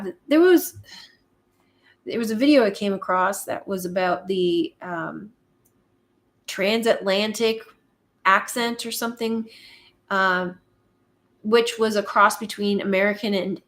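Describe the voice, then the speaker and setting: A woman from Canada hosts a relaxed live chat, reading out viewers' comments and answering them at a slow, easy pace. She laughs often and works through her thoughts with pauses and fillers. Her pitch sits in a middle range for a woman.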